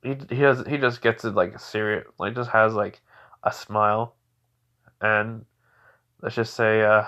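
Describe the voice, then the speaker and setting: A man's voice: on the low side, steady tone, a little slow, long pauses, sharp tone. A man casually improvising a fan story aloud, rambling and full of filler words. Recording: dull lo-fi recording.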